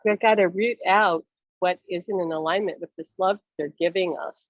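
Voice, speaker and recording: A woman speaking as a spiritual medium in a casual talk, telling stories in a lively way and laughing often. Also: on the low side, moderate pace, no echo, phone-quality sound. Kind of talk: casual talk show chat.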